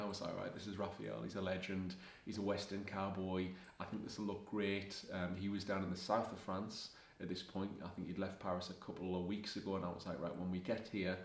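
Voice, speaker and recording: A young Scottish man, a fashion vlogger, rambles casually through a travel anecdote, quoting himself and others. His voice is low and level with little rise and fall, and the room he's in is echoey.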